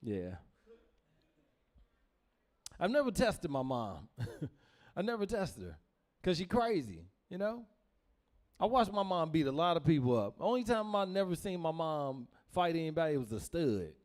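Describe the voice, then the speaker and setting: Animated high-voiced male comic. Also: unhurried, long pauses. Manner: animated, laughs through lines, acts out family members. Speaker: stand-up comedian. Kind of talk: stand-up storytelling.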